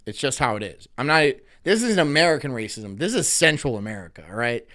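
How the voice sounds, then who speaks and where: Animated, profane ranting man. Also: medium pitch, quick pace. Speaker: livestream host. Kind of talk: ranting commentary on news clips.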